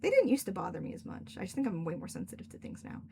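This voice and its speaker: Chatty woman streamer, mid pitch. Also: wildly swooping pitch, very fast, gravelly, background noise. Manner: chatty, lots of filler "like". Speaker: author and stream host. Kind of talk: casual livestream chat.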